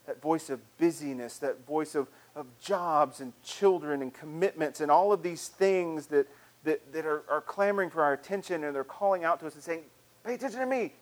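Earnest man preaching, slightly high voice. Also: rough recording. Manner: earnest, conversational preaching with frequent restarts. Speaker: pastor. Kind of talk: sermon.

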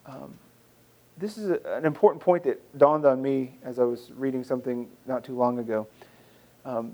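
A man's voice: mid-range voice, moderate pace, warm tone. A man preaching a sermon in an earnest, conversational way, often repeating phrases and restarting. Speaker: pastor.

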